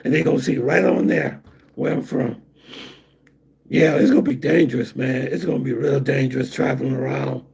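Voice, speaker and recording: A man's voice: mid-range voice, steady tone, creaky, darkish tone, husky. A man talking casually on a live stream in a rambling, conversational way, reacting to viewer comments. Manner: rambling, conversational, drawn-out asides. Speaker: vlogger reading chat comments.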